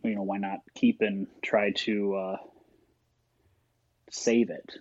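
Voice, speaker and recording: A man's voice: lowish voice, level tone, slow, a little mellow, no room sound, dull audio. A man talking as a guest in a casual interview, rambling and laughing often. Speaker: guest, shop owner.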